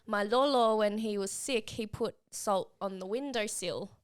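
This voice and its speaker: Woman, podcast co-host, smooth clear voice, mid pitch, chatty, explaining. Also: measured pace. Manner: chatty, explaining, easy laughs. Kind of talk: casual podcast chat.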